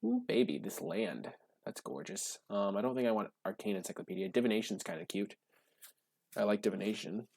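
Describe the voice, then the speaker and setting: Excitable gravelly-voiced man commenting on gameplay. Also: fairly quick, no room sound. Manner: gushing, bursts into high excited shouts. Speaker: card game drafting streamer.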